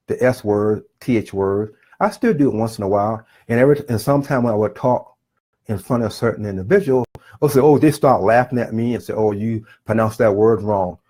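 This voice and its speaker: A man's voice: fairly low pitch, mellow. A middle-aged man giving an earnest, rambling motivational talk, often restarting his sentences and drifting off his point. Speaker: self-published author giving a talk.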